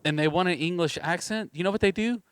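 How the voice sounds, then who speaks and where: A man's voice: high voice, fast talker, clean tone, no room sound. Easygoing male podcast host, dry mic. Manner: relaxed, rambling, teasing with lots of fillers. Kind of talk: casual chat.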